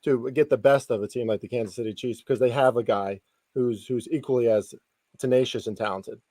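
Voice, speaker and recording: Halting male sports analyst, dry mic. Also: mid-range voice, fairly even intonation, mellow, no echo. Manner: halting, many restarts and fillers. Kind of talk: casual podcast chat.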